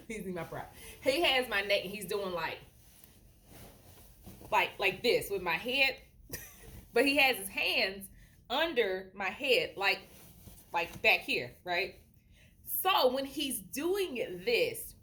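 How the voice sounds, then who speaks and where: A woman with a bright, fairly high voice tells a story straight to her phone camera. She is animated and keeps breaking into laughter, chatting casually to her viewers. The handheld phone gives it a close, everyday vlog sound. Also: breathy edge. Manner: animated, laughing often while telling a story. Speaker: vlogger.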